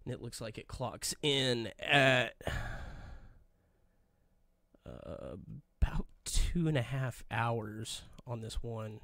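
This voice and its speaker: A man's voice: medium pitch, unhurried, few pauses, a bit bright, no room sound. A man hosting a live podcast, walking through his computer screen in a casual, rambling way and muttering asides to himself. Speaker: podcast host. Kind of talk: casual live-stream demo. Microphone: desk microphone.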